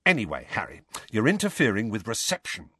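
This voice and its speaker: A man's voice: lowish voice, wildly swooping pitch, fairly quick, bright, forceful tone, breathy edge, no room sound, clean studio sound, exaggerated voice. A man voicing a cheeky, joking young wizard who teases with a grin. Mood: teasing. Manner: teasing, grinning.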